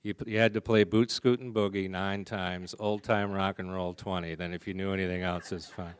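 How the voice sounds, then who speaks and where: A man's voice: low voice, steady tone, normal speed, clean tone, no echo. A man speaking at a recovery meeting, telling his story in a humorous, confessional way. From American. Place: conference hall.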